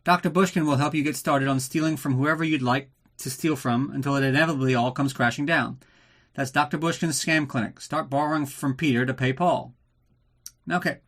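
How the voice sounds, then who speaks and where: A man's voice: medium pitch, fairly quick, a bit bright. A man hosting a casual movie recap podcast, ranting and sarcastic with plenty of swearing, drinking while he talks. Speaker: podcast host.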